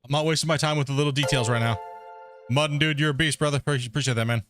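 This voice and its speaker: A man's voice: fairly high pitch, steady tone, racing, over music. A man streaming a game live, bantering and teasing with viewers and teammates in a joking way. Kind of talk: live gameplay chat with viewers.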